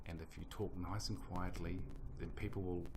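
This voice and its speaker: A New Zealand man, a singer and guitarist, answering interview questions in a soft, quiet, unhurried way with a New Zealand accent. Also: low voice, steady tone, background noise.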